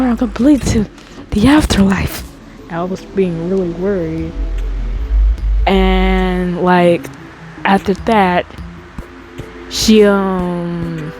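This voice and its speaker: A young woman telling a childhood story in a casual, rambling way, full of fillers and deliberately slow. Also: lowish voice, darkish tone. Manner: rambling, filler-heavy, talks slowly on purpose. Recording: background music under the voice.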